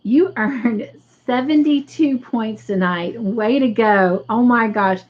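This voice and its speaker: A woman hosting a casual livestream, slowly tallying up points for viewers. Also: fairly high pitch, highs cut off. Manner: slow, careful tallying of points. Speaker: livestream host.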